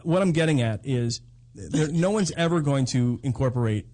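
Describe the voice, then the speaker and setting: Wisecracking man with a lively voice. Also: medium pitch, normal speed. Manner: wisecracking, teasing. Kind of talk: casual comedic banter.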